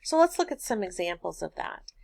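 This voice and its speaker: A woman's voice: medium pitch, big pitch swings, brisk, gravelly, a little mellow, a little hiss or hum. A woman teaching a recorded grammar lesson, patiently explaining step by step with everyday examples.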